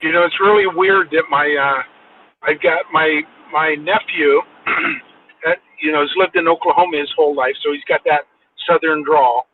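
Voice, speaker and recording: A man chatting casually and rambling, filling pauses with "you know.". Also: a little high, far from the mic, narrow, tinny audio, background noise. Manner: rambling, pauses with 'you know'. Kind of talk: casual chat.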